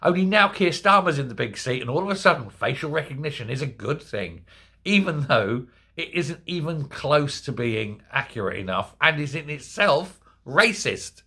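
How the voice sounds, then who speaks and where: A man's voice: on the high side, animated, moderate pace, bright, forceful tone, breathy edge. A man delivering an indignant, sarcastic political commentary monologue. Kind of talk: ranting monologue.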